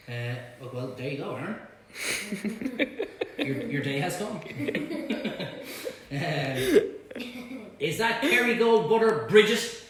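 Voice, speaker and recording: Male cook-along host, cheeky and blunt, a little high, recorded in a ringing kitchen. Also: very animated, takes it slowly, pauses often, fairly bright tone. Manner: chatty, blunt, banters with viewers. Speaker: cooking show host. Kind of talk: live cook-along demonstration. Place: home kitchen. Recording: echoey kitchen, faint hum.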